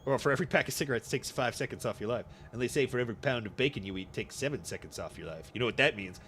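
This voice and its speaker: A man's voice: medium pitch, racing, fairly bright tone. Goofy young man streaming a game. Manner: goofy, laughing, quoting cartoon lines in silly voices. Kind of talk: casual gaming stream chat.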